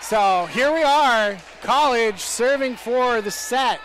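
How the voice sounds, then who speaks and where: A man's voice: extremely high pitch, lively intonation, slow, a bit bright. A man calling a college volleyball match in a casual, jokey, rambling way. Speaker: play-by-play commentator. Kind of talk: casual sports commentary.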